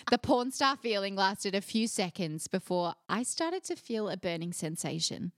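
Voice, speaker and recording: A young Australian woman co-hosts a chatty podcast, reading a listener letter with animated laughter. Her pitch rises and falls a great deal. The sound is close and dry. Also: normal speed, no echo. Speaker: podcast co-host.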